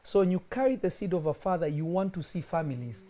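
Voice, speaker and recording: A young male pastor delivers a lively sermon with a warm, mellow voice. He keeps it conversational and slips into other people's voices when he tells stories. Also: sits high, quick pace. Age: young adult. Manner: animated preaching, acting out quoted voices.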